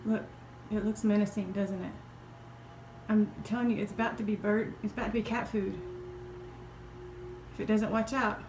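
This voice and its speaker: Woman, casual home vlog, excitable, flustered, breathless, echoey room, faint background hiss. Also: mid-range voice, normal speed, long pauses. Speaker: vlogger. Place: inside a house.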